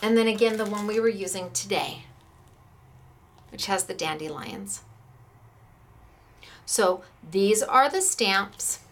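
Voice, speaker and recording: A woman's voice: mid-range voice, slow pace, pauses often. An American woman who runs a craft shop, chatting enthusiastically as she demonstrates stamps and dies and gushes over the samples.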